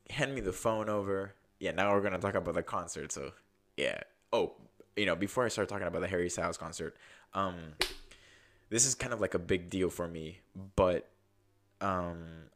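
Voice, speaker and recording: A podcast host telling a casual, rambling story, full of fillers and quoted self-talk. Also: male voice, sits low, fairly bright tone. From United States.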